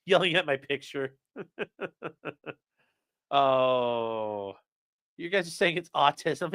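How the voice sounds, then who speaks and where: A young man chatting on a live stream, rambling and swearing as he reacts to chat. His voice is bright and lively, swinging up and down in pitch. The sound is close and dry at a desk mic. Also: takes it slowly, long pauses, clear, resonant tone, dry recording. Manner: rambling, profane, reads chat aloud. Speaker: streamer and trial lawyer.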